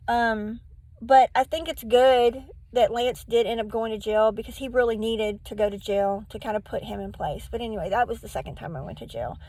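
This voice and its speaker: A woman's voice: fairly high pitch, no echo, low-quality recording. A middle-aged woman telling a personal story to camera, candid and rambling, acting out what people said. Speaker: vlogger.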